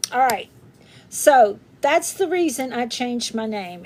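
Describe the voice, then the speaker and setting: Slow-talking chatty woman host. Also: fairly high pitch, darkish tone. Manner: chatty, rambling, greets viewers by name; laughs often. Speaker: craft livestream host. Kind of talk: casual livestream chat.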